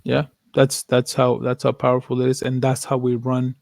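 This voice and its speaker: A man's voice: medium pitch, completely flat delivery, moderate pace, vocal fry, darkish tone, no echo, studio quality. A young adult man co-hosting a podcast, reflective and earnest in casual chat, swearing casually and dropping in some Spanish. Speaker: podcast co-host.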